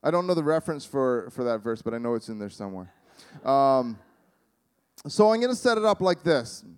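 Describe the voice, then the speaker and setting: A man preaching a sermon in a conversational, halting way, with sarcastic humor. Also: mid-range voice, very animated, darkish tone, clean tone. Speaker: pastor.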